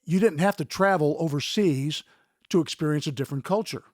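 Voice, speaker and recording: An older man, a longtime news anchor, giving measured, reflective answers in an interview. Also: fairly high pitch, a little mellow, no room sound, studio quality.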